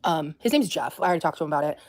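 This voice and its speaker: A woman talking hesitantly on her livestream, with many pauses and fillers. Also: deep voice, lively intonation, darkish tone. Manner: hesitant, full of ums. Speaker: streamer being watched. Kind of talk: casual livestream talk.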